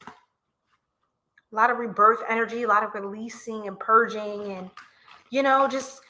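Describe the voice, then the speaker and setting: A woman's voice: on the high side, fairly even intonation, unhurried, sharp tone, low-quality recording. A woman hosting a casual livestream card reading, chatty and full of fillers, talking to viewers into a phone. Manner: chatty, many fillers, addresses viewers as y'all. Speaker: tarot reader, livestream host.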